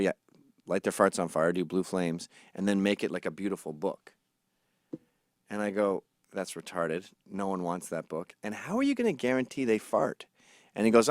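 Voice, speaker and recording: Crude, animated storytelling fills this comedy podcast, where a Scottish host slips into other people's voices. He speaks on the low side, recorded in studio quality with no echo.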